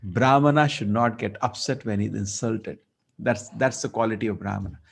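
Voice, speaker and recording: A man teaching a scripture class, telling the story lively and acting out the dialogue. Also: lowish voice, normal speed, vocal fry, slightly rough. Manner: storytelling, acts out dialogue, asides. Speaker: spiritual teacher.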